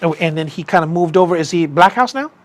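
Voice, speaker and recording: A man's voice: a little high, expressive, fast. A man hosting a combat sports podcast, chatting casually and telling rambling stories full of "dude" and restarts. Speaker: podcast host. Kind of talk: casual fight talk and storytelling.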